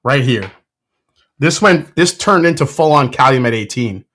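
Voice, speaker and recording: A man hosting his own whiskey show, tasting bourbons in casual chat, excitable, with frequent fillers and self-corrections. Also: mid-range voice, moderate pace. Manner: excitable, blurts sports trash talk. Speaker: whiskey reviewer, show host.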